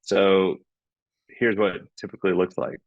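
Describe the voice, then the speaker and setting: Male podcast guest, low voice, animated explainer, dry muffled recording. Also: normal speed, no echo. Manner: animated, acts out dialogue. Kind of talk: conversational explanation.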